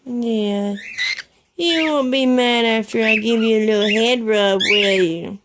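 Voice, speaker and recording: A woman's voice: on the high side, slow. A woman talking to her pet birds at home. She switches between coaxing baby talk and scolding. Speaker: pet owner vlogger. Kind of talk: casual home video. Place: at home with ceiling fan running. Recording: loud fan noise at home.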